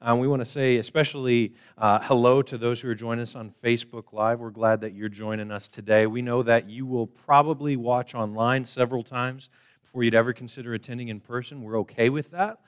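A man's voice: mid-range voice, fairly even intonation, brisk, clear, resonant tone. Easygoing joking male preacher. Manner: casual, self-deprecating joking preacher. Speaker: pastor. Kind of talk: conversational sermon. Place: church service.

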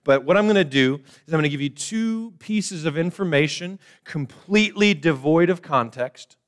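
A man's voice: a little high, expressive, moderate pace. A man preaching a conversational sermon to his church, explaining plainly and poking fun at his own jokes. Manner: casual, self-deprecating joking preacher. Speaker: pastor. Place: church service.

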